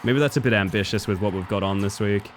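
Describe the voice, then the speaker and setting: A fairly low-pitched Australian streamer talks fast, with a little hiss or hum in the audio. He keeps up casual chat with his viewers while playing, muttering to himself and occasionally exclaiming suddenly.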